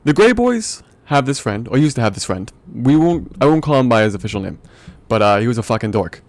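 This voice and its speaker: A man's voice: mid-range voice, sing-song, a little fast, a little mellow, no echo. A young man hosting a podcast, telling a comic rant in a profane, exasperated way and laughing often. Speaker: podcast host. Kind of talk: comedic storytelling rant.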